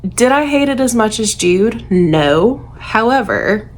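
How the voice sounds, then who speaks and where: Unhurried frank woman reviewing a book. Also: on the high side, lively intonation, slight background noise. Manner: frank, exasperated, sighs and laughs. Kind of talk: casual book review to camera.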